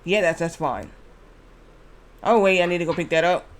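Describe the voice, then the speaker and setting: A man's voice: on the high side, normal speed. A male streamer casually telling a long, rambling personal anecdote on a live stream, repeating himself and restarting sentences.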